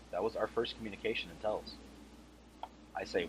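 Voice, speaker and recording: A man with a lowish voice argues in a rapid, profane rush over voice chat, laying out his side of a raid dispute. The recording is full of steady background noise. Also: rough recording. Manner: fast, combative, profane. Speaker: guild raid leader in a dispute. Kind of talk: heated voice-chat argument.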